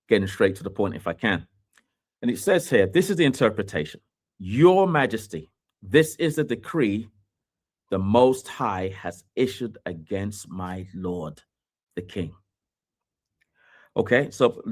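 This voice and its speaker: Hombre predicando con énfasis pausado. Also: male voice, fairly low pitch. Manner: emphatic, slows and repeats key words. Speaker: podcast host and preacher. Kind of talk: sermon-style teaching.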